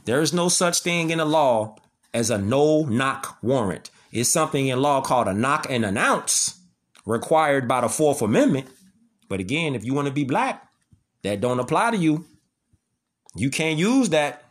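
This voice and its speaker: A man's voice: medium pitch, sing-song, normal speed. A man delivering an impassioned monologue, heavy with street slang and repetition, lecturing listeners. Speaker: commentator.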